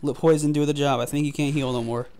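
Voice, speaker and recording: Male gaming host, high voice, profane running commentary. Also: steady tone, quick pace, a little mellow, smooth. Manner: frustrated, profane trash talk. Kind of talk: gameplay commentary.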